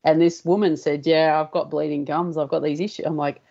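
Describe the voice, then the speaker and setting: A woman's voice: low voice, level tone, fairly quick, mellow, highs cut off. An Australian woman, a guest on a radio chat, telling stories and acting out the dialogue in them. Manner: storytelling, acting out her own quoted dialogue. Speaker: guest healer.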